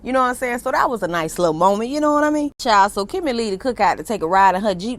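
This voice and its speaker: A woman's voice: a little high, expressive, quick pace, hardly any pauses. A young woman, recapping a reality TV episode in a blunt, profane, sassy way and laughing often. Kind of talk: casual recap commentary.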